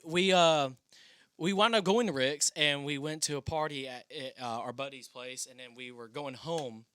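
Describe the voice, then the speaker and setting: A man's voice: on the high side, moderate pace, sharp tone, clear, resonant tone. A young man co-hosting a podcast in a laid-back, casual way. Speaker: podcast co-host.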